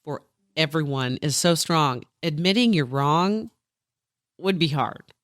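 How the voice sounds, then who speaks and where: A woman's voice: sits low, expressive, slow, no room sound. Woman podcast host, dry close sound. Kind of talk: casual interview chat.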